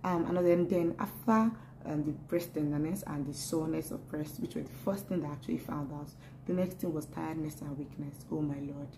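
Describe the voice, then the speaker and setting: A young adult woman chatting casually to camera in a vlog, animated and laughing often, repeating words as she talks. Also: low-pitched, brisk, hardly any pauses, slight background noise, rough recording. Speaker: pregnancy vlogger.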